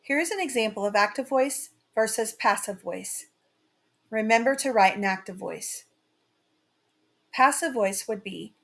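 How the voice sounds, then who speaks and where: A woman teaching a writing lesson in a slow, carefully read-out, scripted delivery. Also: fairly high pitch, lively intonation, vocal fry, a bit bright.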